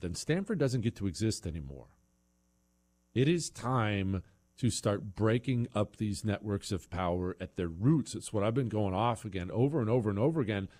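Brief: male radio host, heated political monologue, very animated delivery. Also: lowish voice. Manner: heated, emphatic ranting.

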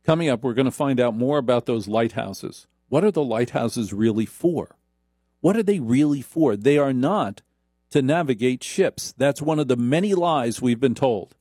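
A man's voice: mid-range voice, expressive, moderate pace, dark tone, no room sound, studio quality. A middle-aged man hosting a late-night radio talk show, brash and sarcastic, getting riled up as he talks.

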